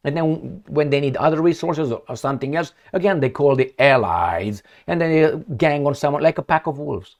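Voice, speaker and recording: A man's voice: on the high side, expressive, moderate pace, few pauses. A middle-aged man giving off-the-cuff commentary while reading news articles aloud, sarcastic and rambling, with many fillers and restarts. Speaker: political commentator.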